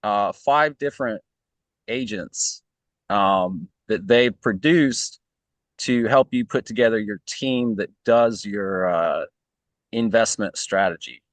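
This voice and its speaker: Man, unhurried, casual chat, thinking aloud, dry sound. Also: fairly low pitch, dry recording. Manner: thinks aloud, frequent "um" and "right?".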